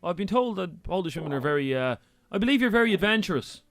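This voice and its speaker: A man's voice: high-pitched, sing-song, quick pace, a bit bright, a little hiss or hum. A man, co-hosting a radio phone-in with joking, crude banter. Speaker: radio co-host.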